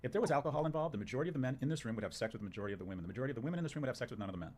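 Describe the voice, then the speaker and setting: Rapid-fire, emphatic male talk-show guest. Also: mid-range voice, lively intonation, a little mellow. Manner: emphatic, punchy declarations. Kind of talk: opinionated conversation.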